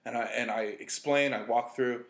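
A man's voice: medium pitch, fairly even intonation, normal speed, reverberant. A man with an everyday mid-range voice, chatting loosely on a podcast. He jokes and teases, laughs readily, and swears without a second thought. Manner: joking, teasing, laughs often, swears casually. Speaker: podcast co-host. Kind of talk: casual chat.

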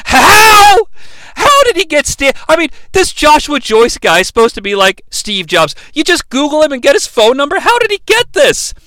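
Animated sarcastic man recapping a movie. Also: sits high, no room sound, poor audio. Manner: sarcastic, animated, breaks into goofy impressions. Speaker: movie review host.

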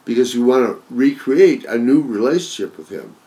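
A man calmly giving advice in an emotional personal conversation, reasoning things through and often repeating himself. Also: medium pitch, moderate pace, poor audio.

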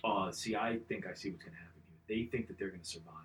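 A man's voice: sits low, steady tone, quick pace, fairly bright tone. Crude joking man riffing on a movie. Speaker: co-host. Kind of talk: casual movie commentary.

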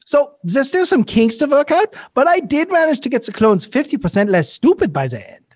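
A woman's voice: sits high, big pitch swings, brisk, darkish tone, no echo. A woman playing a bumbling male German doctor, a shifty ex-Nazi, in a put-on German accent with a smarmy, stammering manner. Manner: smarmy, bluffing, stammering excuses. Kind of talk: comedy sketch acting.

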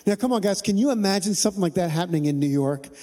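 A man's voice: high-pitched, animated, very fast, warm tone. A man preaching a sermon to his congregation as pastor, in a conversational and humorous way, asking the listeners to respond.

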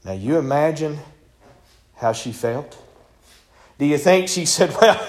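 A man preaching a sermon in a folksy storytelling manner, acting out voices and building to shouts. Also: fairly high pitch, expressive, moderate pace, long pauses.

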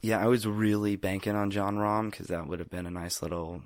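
A man's voice: lowish voice, little pitch movement, brisk, no echo, clean studio sound. A young man co-hosting a podcast, rambling in a laid-back casual chat with lots of fillers. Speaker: podcast co-host.

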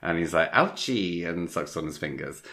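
A man with a very low voice chats through a film plot on a podcast. He wanders, pauses on ums, and slips into silly voices for the characters. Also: level tone, gravelly, a bit bright. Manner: rambling, lots of ums, acts out characters' lines. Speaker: podcast co-host. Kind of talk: casual chat recapping a film.

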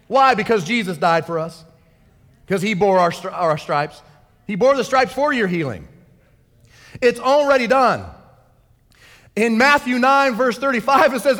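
A male pastor preaching a fervent, excitable sermon in a church hall. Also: very high-pitched, measured pace, pauses often.

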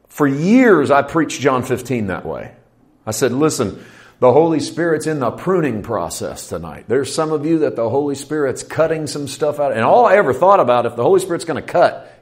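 A middle-aged man preaching a sermon as a pastor, talking through the passage in an easy, teaching way and now and then rising into fervent preaching. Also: medium pitch. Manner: conversational teaching with sudden lifts into preacher fervor.

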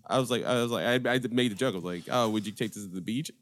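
A man in casual chat, telling lively stories with laughter and acted-out quotes. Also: on the low side, rapid-fire. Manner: animated, laughing, acts out quotes. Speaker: podcast co-host, former game store worker.

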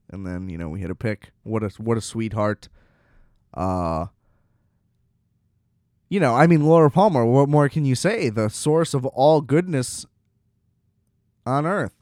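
Man, casual storytelling, rambling, self-deprecating, smooth resonant voice, dry close sound. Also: lowish voice, lively intonation, unhurried, pauses often, a little mellow, no echo.

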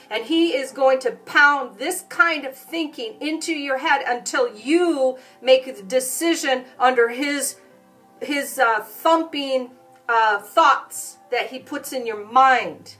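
Lady preacher, a bit high-pitched, stumbles then hammers her points home, soft music behind. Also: takes it slowly, recorded from a distance. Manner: emphatic, repeating phrases with rising force. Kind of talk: sermon.

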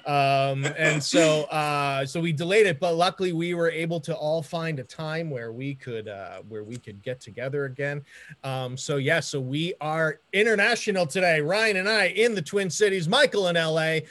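Chatty male podcast host, slightly high voice, energetic and meandering. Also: normal speed. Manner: upbeat, rambling with fillers and restarts. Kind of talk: casual podcast chat.

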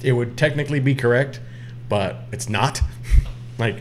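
A man's voice: medium pitch, normal speed, slight background noise. A man co-hosting a podcast in crude, joking banter, swearing constantly. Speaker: podcast co-host. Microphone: table mic in a shared room.

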